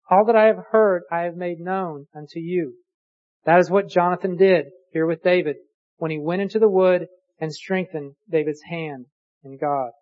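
A preacher giving a sermon, reading scripture aloud slowly and deliberately and posing rhetorical questions. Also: medium pitch, highs cut off.

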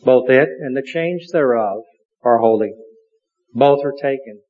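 Preacher voicing a stern priest, slow and grave, muffled recording. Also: male voice, medium pitch, big-room sound, close to an everyday voice. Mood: stern rebuke. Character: stern male temple priest, judging. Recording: dull lo-fi recording.

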